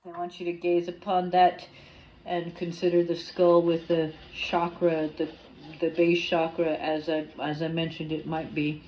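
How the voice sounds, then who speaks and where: A woman reading a tarot card aloud and guiding a ritual, slow and soft, with casual swearing between readings. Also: lowish voice, monotone, highs cut off, a little hiss or hum. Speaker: tarot reader.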